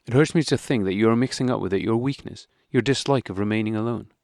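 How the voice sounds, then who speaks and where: A troubled husband, stern and barely keeping cool, as an audiobook reader puts him on. The low voice stays close to the reader's own, with only a slight lift. It is recorded dry and close. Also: male voice, fast talker, darkish tone, dry recording, close to an everyday voice. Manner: stern, restrained. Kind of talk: audiobook character reading.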